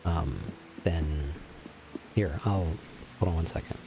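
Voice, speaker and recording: A man's voice: low voice, slow pace, gravelly, warm tone, a little hiss or hum. A man from Texas chatting casually with viewers during a game stream, speaking in a put-on somber, theatrical voice into a filtered desk microphone.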